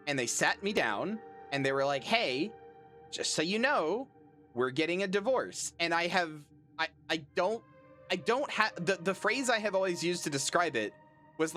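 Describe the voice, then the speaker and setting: A woman's voice: on the low side, expressive, moderate pace, fairly bright tone, faint music behind. Rambling, joking woman streamer. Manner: rambling, laughing, and swearing casually; self-deprecating and dryly joking. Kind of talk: casual chat with a live stream audience.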